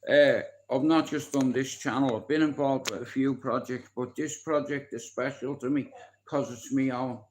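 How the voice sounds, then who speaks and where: A man's voice: mid-range voice, measured pace, a little hiss or hum, poor audio. An Irish man in his forties, chatting on a live stream in a boastful, rambling way and swearing freely. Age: 40s. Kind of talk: casual live-stream chat.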